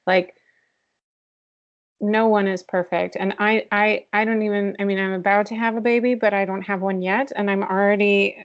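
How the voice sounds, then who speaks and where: A woman guest in a candid interview, talking earnestly and reflectively and laughing often, heard over a video call. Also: mid-range voice. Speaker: podcast guest, author. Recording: dull lo-fi call audio.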